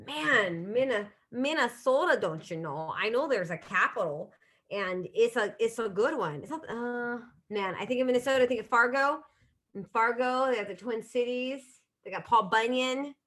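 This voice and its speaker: Bright, chatty woman streamer. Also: mid-range voice. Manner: chatty, self-deprecating, laughing at herself. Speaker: streaming comedy show host. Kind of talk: casual solo livestream chat. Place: home room with bookshelf.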